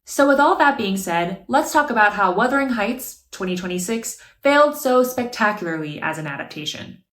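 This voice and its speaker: A woman's voice: medium pitch, expressive, moderate pace, a bit bright. A woman narrating a scripted video review with wry, sarcastic asides. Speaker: video essayist. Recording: roomy echo.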